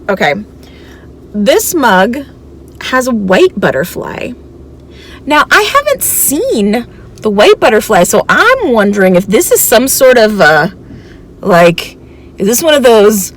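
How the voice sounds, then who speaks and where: A woman reseller vlogger telling a thrift-store story in a chatty, animated way. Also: a little high, a little hiss or hum. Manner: chatty, animated, laughs between lines. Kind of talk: casual storytelling vlog.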